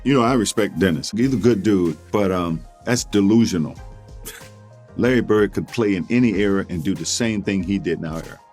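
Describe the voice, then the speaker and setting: A former basketball player giving a blunt, dismissive opinion in an interview. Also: male voice, deep voice, normal speed, a little mellow. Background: music.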